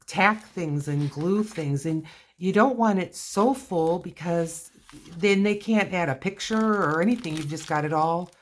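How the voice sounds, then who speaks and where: Low, slow-talking woman crafter. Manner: chatty, talks to herself while working. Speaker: crafting video host. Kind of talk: casual crafting walkthrough.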